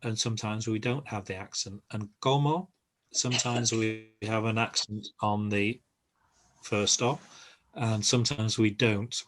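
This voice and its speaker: An older man who teaches an online group language lesson over a video call and explains patiently, with many pauses. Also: on the low side, fairly even intonation, slight background noise.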